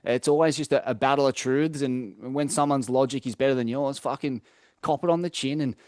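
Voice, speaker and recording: A man's voice: mid-range voice, fairly quick, a little mellow, no echo, studio quality. A young Australian man co-hosting a casual podcast, telling stories loosely with plenty of swearing and fillers. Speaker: podcast co-host. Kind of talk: casual chat.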